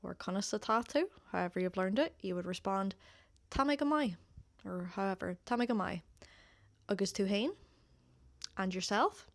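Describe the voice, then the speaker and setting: A woman with an Irish accent teaching a casual online language lesson. She is patient and repeats example phrases slowly for learners. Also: medium pitch, expressive, dry recording.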